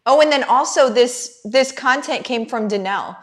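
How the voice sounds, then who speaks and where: A middle-aged woman, a business coach, hosts a motivational livestream in a fairly high, expressive voice at normal speed. She speaks fervently and directly to viewers, with a preachy tone.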